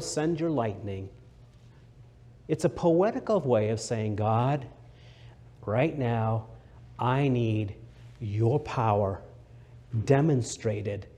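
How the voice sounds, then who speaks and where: A middle-aged man preaching a sermon, dropping to a near whisper and then rising loud and fervent, slowing down to stress key words. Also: medium pitch. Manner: swings from hushed to loud and fervent; slows down for emphasis.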